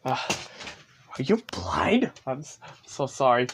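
A young man performing a chaotic reaction skit, his voice leaping from low mutters to sudden shrieking yells. He speaks slowly overall, swears often, and a faint hiss sits under the recording. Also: very animated. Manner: swings from mumbling to shouting, swears. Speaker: video maker.

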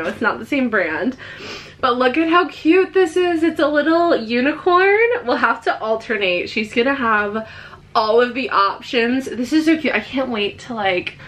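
A woman's voice: fairly high pitch, fairly bright tone, slight background noise. A young woman vlogging casually, gushing and emotional, with many filler words. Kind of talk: casual haul vlog.

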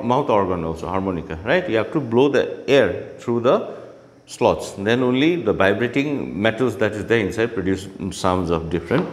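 A man's voice: mid-range voice, in a large hall. Man teaching an online class. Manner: explanatory, frequent "okay" and "right?" checks.

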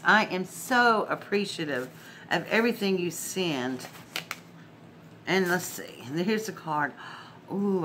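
Bright-voiced woman gushing over crafts. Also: fairly low pitch, a little hiss or hum. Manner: effusive, gushing, laughs often. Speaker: crafting channel host. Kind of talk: casual unboxing vlog.

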